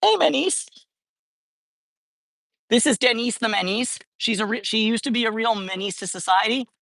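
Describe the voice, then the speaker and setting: A woman's voice: a little high, fairly even intonation, brisk, a bit bright, no echo. A woman chatting casually on a livestream while feeding street cats, rambling and often correcting herself. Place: outdoors at a street cat feeding spot.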